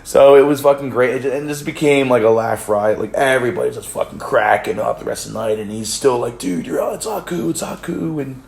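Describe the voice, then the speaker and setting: Rambling guy telling a story, gravelly voice, echoey room, lots of swearing and restarts. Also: mid-range voice, steady tone, fast talker, hardly any pauses, a little mellow. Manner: laughs while telling. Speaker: vlogger. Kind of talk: casual storytelling.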